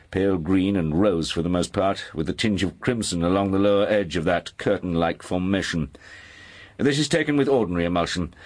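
A man voicing a calm, commanding lord. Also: lowish voice. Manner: calm, measured, authoritative. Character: commanding aristocratic male explorer lecturing scholars. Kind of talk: audiobook dialogue.

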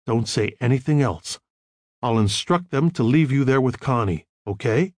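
A man voicing a calm, controlled counselor who gives quiet, measured instructions. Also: medium pitch, no room sound, lightly acted. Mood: firm.

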